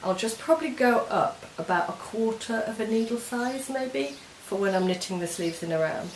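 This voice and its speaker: A woman's voice: fairly high pitch, expressive, moderate pace. A woman hosting a knitting podcast, chatting casually and explaining her projects step by step in a meandering way. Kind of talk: casual show-and-tell chat. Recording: roomy echo with faint hiss.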